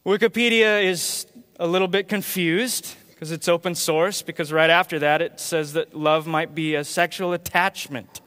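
A man preaching a sermon to his church in a conversational, storytelling way, getting animated when he imitates others. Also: a little high, moderate pace, big-room sound. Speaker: pastor. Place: church sanctuary.

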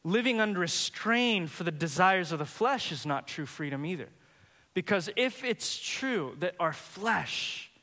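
High, bright-voiced preacher man in a hall. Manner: emphatic, rising in intensity. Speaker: pastor. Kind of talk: sermon.

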